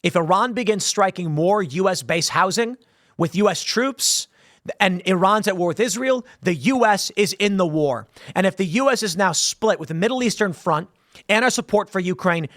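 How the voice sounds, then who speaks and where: A man's voice: sits high, expressive, moderate pace, fairly bright tone, no echo. Emphatic man with a dry, close sound. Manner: emphatic, rambling, acts out voices in scenarios. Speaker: political commentator host. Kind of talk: opinionated political commentary.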